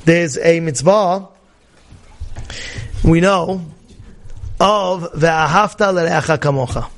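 A man teaching a Torah class in a lively sermon style, repeating phrases and acting out people's thoughts. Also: fairly high pitch, slow. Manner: animated, repeats phrases, acts out inner voices. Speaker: rabbi.

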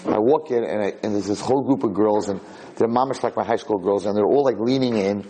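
A middle-aged American man, a rabbi, giving an animated storytelling lecture and acting out the people in his story. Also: lowish voice, brisk, slightly rough, rough recording.

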